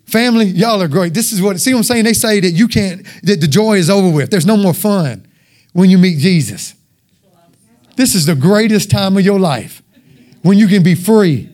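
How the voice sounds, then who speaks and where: A man preaching an informal, joking sermon with call-and-response. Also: high voice.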